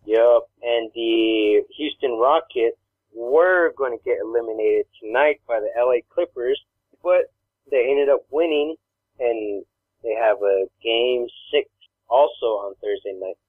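Male co-host, rambling storyteller, mid pitch, dry narrow phone-quality audio. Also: unhurried, dry recording. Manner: rambling storyteller, acts out voices. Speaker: podcast co-host. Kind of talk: casual chat.

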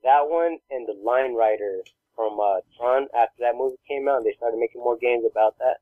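A man's voice: medium pitch, normal speed, dry recording. A man co-hosting a podcast, telling funny stories in a laid-back way, often laughing. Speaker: podcast co-host. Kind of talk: casual chat. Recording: dry tinny phone-like sound.

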